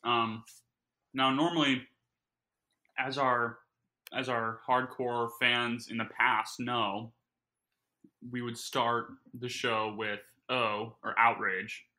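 A man's voice: medium pitch, little pitch movement, takes it slowly, pauses often, bright, forceful tone, rough recording. A man co-hosting a casual podcast, joking and rambling with lots of fillers, eating while he talks. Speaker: podcast co-host.

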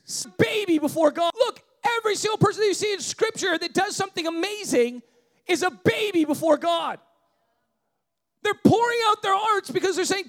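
Impassioned high-voiced male pastor preaching. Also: lively intonation, normal speed. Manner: impassioned, often shouting, with frequent "right?" tags. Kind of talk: sermon.

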